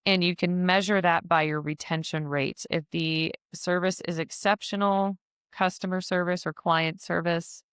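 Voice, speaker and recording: Chatty woman mentor hosting a podcast; low pitch, clear and smooth tone. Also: steady tone, measured pace, a bit bright, dry recording, studio quality. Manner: chatty, frequent "like" fillers, laughs at herself. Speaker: podcast host and business mentor. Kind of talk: casual instructional podcast.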